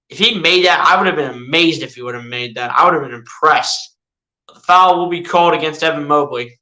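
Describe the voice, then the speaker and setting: A man giving casual fan-style live play-by-play of a basketball game, chatty and excitable, often tossing in "dude". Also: a little high, fairly quick. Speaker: streamer doing live play-by-play.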